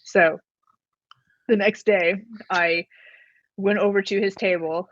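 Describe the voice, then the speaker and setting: A woman's voice: medium pitch, fairly even intonation, takes it slowly. A woman telling a story as an interview guest, rambling with many filler words and frequent laughs. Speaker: comic artist guest. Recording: slightly dull, lo-fi sound.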